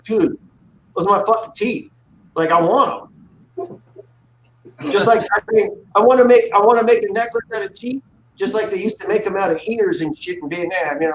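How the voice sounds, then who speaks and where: A man swapping stories on a livestream, his voice sitting a little high and rising sharply as he acts out what he said back then. He swears freely and keeps the tone loose. The sound carries a noticeable room echo, with a faint hiss underneath. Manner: animated, profane, acts out quotes. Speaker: livestream host, guitar builder. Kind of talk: casual storytelling chat. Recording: roomy echo.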